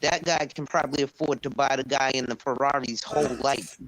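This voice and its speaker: An insurance agent speaking casually on an open panel tells stories, acting out conversations he has had. His mid-range voice is brisk and fairly bright with fairly even intonation, and the audio is poor.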